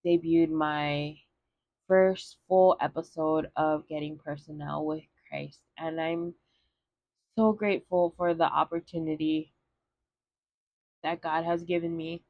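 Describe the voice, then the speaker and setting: A tearful young woman hosts her faith podcast on her own, her voice slightly low and her speech very slow and halting. The recording is dry and a bit dull and lo-fi. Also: no echo. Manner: halting, with many pauses, fillers and sighs. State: tearful, emotional. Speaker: podcast host. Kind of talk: heartfelt solo podcast monologue.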